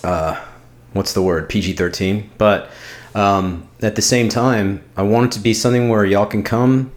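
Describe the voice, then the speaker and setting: Casual swearing man, low voice. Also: moderate pace. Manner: casual, swearing, animated bursts. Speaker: podcast co-host. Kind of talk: casual chat.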